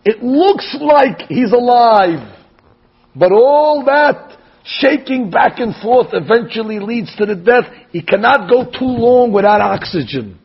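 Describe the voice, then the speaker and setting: A man giving an animated sermon as a rabbi, telling stories and acting out the quotes. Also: very high-pitched, slow pace, slightly rough, highs cut off. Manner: animated storytelling, acts out quotes.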